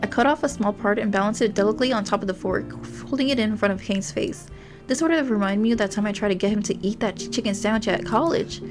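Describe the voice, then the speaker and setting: A young woman reads a romance game aloud in a middle-pitched voice, breaking off to giggle and ramble. Bright game music plays steadily behind her. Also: quick pace. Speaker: streamer. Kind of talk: reading a story game aloud with asides.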